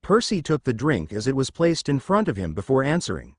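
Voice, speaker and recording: Animated male fan-fiction narrator. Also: mid-range voice, a little fast, no room sound.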